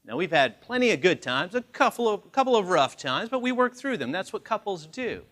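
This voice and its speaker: Lively guy running a training seminar, voice jumps up and down, kinda high. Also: brisk. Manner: animated, acts out quoted voices. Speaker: communication trainer. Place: large training room.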